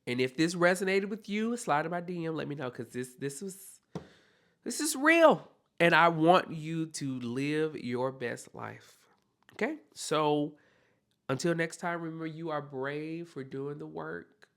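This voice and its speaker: A man's voice: a little high, lively intonation, a little slow, a bit bright. A man hosting a solo self-help podcast, talking in an encouraging, heartfelt way and often checking in with "okay?". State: near tears at times. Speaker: podcast host.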